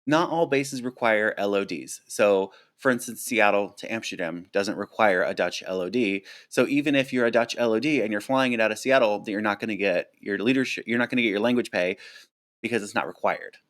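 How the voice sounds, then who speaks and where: Casual live-stream host: a chatty, animated man with a lowish voice, close mic. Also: fairly quick. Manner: chatty and animated, lots of fillers and restarts. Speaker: flight attendant streamer. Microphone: close desk mic.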